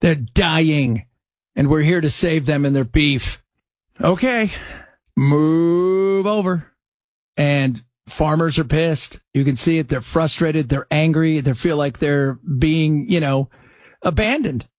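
A man hosting a political talk show, delivering sarcastic, animated commentary. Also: fairly high pitch, unhurried, no echo. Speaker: radio talk show host.

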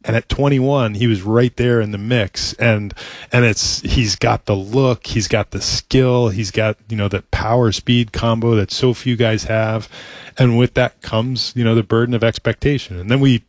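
A middle-aged man, a baseball team executive, talking in a casual interview, earnest and halting, with many restarts and "you know"s. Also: mid-range voice, fairly even intonation, no room sound.

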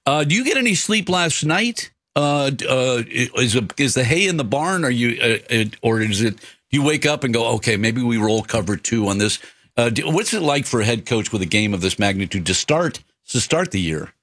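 A man hosting a radio sports talk segment with a bright, forceful voice. His pitch swings up and down a lot as he rambles and restarts his questions. The studio sound is dry and close. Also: animated, normal speed, no room sound. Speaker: radio show host. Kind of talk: casual radio interview.

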